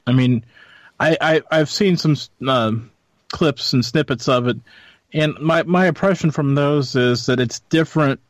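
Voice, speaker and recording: A man's voice: a little high, a little slow, no room sound. A man speaking as a guest on a radio roundtable, thoughtful and hesitant, often restarting his sentences. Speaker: fellow radio host, panel guest. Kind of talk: roundtable discussion.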